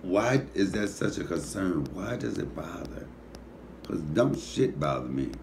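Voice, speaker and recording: A man's voice: deep voice, sing-song, measured pace, gravelly, darkish tone, slight background noise. A middle-aged man with a Detroit accent, a comedian hosting his cooking show, rambling sleepily with profane comic stories. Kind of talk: casual talk to camera.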